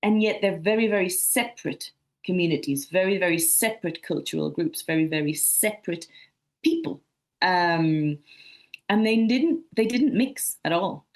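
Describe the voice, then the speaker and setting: A woman's voice: fairly low pitch, expressive, normal speed. A woman from Sunderland, giving an academic presentation at a conference in a friendly manner, often repeating herself and using fillers like "um.". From Sunderland, England.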